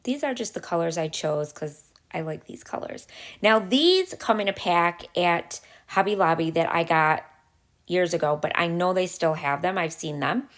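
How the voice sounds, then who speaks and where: A woman hosting a craft channel, talking casually through a step-by-step tutorial, chatty and full of little pauses. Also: lowish voice.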